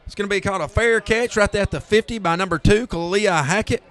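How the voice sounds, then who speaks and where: A man with a Southern accent calling high school football play by play, rising to excited near-shouts on big runs. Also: quick pace. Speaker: play-by-play announcer.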